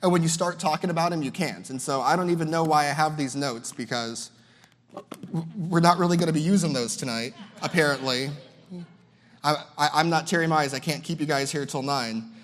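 A young man delivers a sermon in a chatty, animated way, slipping into little impressions of other people and stumbling over repeated words. His voice sits a bit high for a man. The sound carries the long reverb of a large hall. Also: brisk, slight background noise. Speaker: guest preacher.

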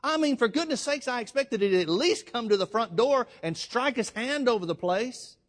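A man's voice: very high-pitched, animated, normal speed, voice pushed up. A man preaching voices a proud foreign general ranting in outrage. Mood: indignant.

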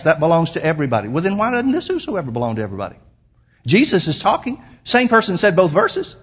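A man preaching a sermon as pastor, emphatic, slowing down to quote scripture. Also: a little high, huge pitch swings, a bit bright, husky.

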